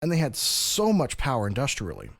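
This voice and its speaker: A man's voice: mid-range voice, huge pitch swings, a little fast, creaky, dry recording. A man co-hosting a podcast, explaining history in long, rambling stretches with frequent restarts. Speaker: podcast co-host. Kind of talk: casual podcast discussion.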